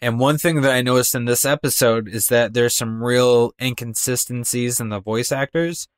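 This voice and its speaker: An animated man chatting as a podcast co-host, breaking into quick imitations to make his point. His voice sits in a middle register and is recorded close and dry, with no room sound. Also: medium pitch, clear, resonant tone, no room sound. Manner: animated, mimics voices for effect. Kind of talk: casual chat.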